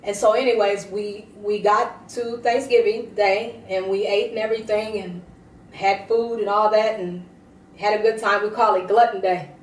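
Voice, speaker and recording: A woman's voice: mid-range voice, steady tone, normal speed, slight background noise. A woman giving a tearful personal testimony, rambling with many restarts. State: teary. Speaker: prophetess broadcasting a service. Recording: roomy, distant from the mic.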